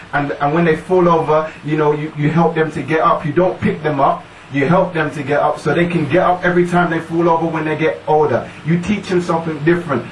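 A man talking about fatherhood in casual discussion, emphatic and prodding his listeners with "yeah?". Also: fairly high pitch. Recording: roomy, distant mic, faint noise.

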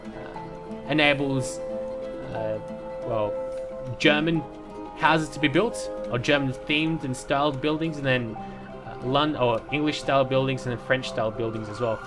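A man's voice: medium pitch, measured pace, music in the background. A man giving casual, rambling commentary while playing a city-building game, with lots of fillers and restarts. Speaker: let's play commentator.

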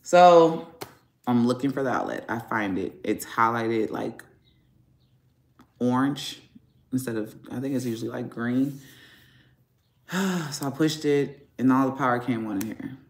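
Man, family vlogger, profane angry rant, rambling, mid-pitched voice, roomy echoey garage. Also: measured pace, pauses often. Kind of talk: casual vlog rant. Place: home garage.

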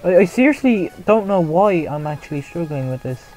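A young man chatting casually while streaming a game, mocking his own play, reacting out loud and laughing often. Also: a little high, sing-song, a little fast, soft background music, low-quality recording. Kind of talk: casual live gameplay commentary.

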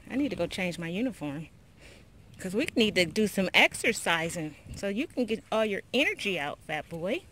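A woman's voice: medium pitch, very animated, normal speed, fairly bright tone, a little hiss or hum. A woman chatting casually to her viewers while walking her dog outdoors, slipping into baby talk. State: sweaty, a bit out of breath. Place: outdoors on a neighborhood walk.

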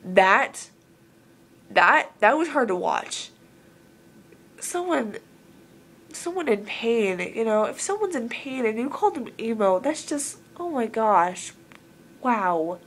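A woman's voice: on the high side, sing-song, slow pace, pauses often, fairly bright tone, a little hiss or hum. A woman from Southern Oregon talking casually to camera in an earnest, rambling way, full of filler words. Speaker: vlogger.

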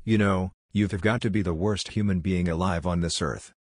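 A brash teenage boy ninja, blunt and scornful, in a storybook reading by a man in his own deep, husky voice. Dry and close-miked. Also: fairly even intonation, normal speed, dry recording.

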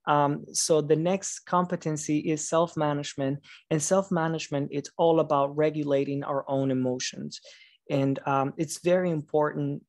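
A man's voice: fairly high pitch, steady tone, normal speed, darkish tone, no room sound, clean studio sound. A man presenting at a conference over a video call late at night. He sounds tired, encourages the audience, and stumbles and restarts words now and then. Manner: encouraging, reads out audience answers with praise. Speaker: conference presenter, teacher educator.

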